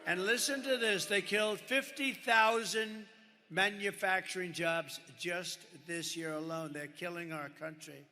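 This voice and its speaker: At a large, packed rally, an older man running for office speaks into a podium mic in a high, sharp, unhurried voice. He rambles, full of superlatives, tossing asides to the crowd, while the arena echoes with crowd noise.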